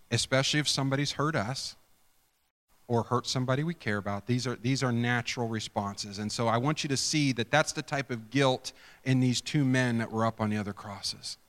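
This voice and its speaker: A man preaches a sermon, acting out a personal story as an animated storyteller. He drops to hushed whispers and then rises to shouts. His voice is bright and forceful, carried by the long reverb of a church hall. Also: mid-range voice. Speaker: pastor.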